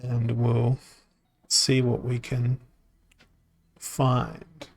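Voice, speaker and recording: A man streaming a card game, thinking aloud in a halting, self-mocking way, his voice tired and worn from talking. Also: medium pitch, completely flat delivery. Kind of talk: casual live-stream commentary.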